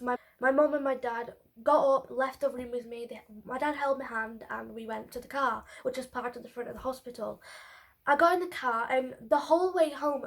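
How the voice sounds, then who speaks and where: A woman vlogging, telling a personal story to camera in a candid, emotional way with casual swearing. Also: a little high.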